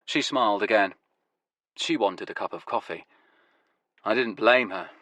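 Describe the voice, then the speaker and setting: Bright-voiced male audiobook narrator. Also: fairly low pitch, measured pace, no echo. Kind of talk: first-person scripted narration.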